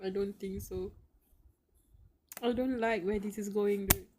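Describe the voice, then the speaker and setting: A woman's voice: medium pitch, fairly even intonation, unhurried, warm tone, slight background noise. A young woman reading a web novel aloud on a live stream, sighing and laughing nervously between lines, slangy and emotional, breathing close into the mic. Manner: slangy, calls viewers bro and dude. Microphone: close mic, audible breathing.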